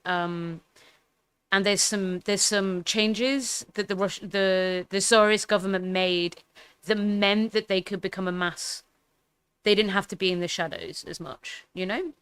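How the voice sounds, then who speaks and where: A woman chats casually while reacting to a film, rambling through fillers and restarts and swearing now and then. Her voice is smooth and clear, at a middling pitch for a woman. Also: steady tone, a little slow, a bit bright. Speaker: political commentary streamer.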